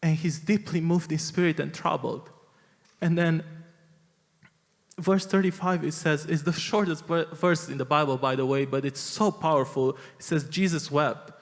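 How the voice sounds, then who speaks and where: A man's voice: on the high side, steady tone, normal speed. Earnest man preaching in a reverberant hall. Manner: earnest, emphatic preaching with frequent restarts. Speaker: pastor. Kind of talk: sermon. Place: large church hall.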